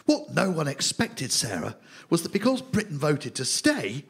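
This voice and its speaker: An actor playing an earnest male political correspondent, reporting briskly. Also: fairly high pitch, huge pitch swings, creaky, a bit bright, exaggerated voice.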